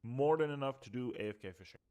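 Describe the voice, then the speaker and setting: A man's voice: medium pitch, fast talker, a little mellow, clean tone, dull audio. A young man streaming a video game, explaining gear in a loose, chatty way that trails off and restarts. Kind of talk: casual gameplay walkthrough.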